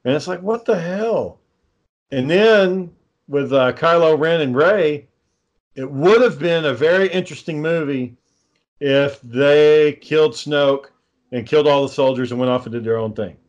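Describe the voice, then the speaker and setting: A man's voice: a little high, a little slow, lo-fi sound. A man ranting sarcastically and swearing constantly in a casual conversation. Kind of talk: casual profane chat.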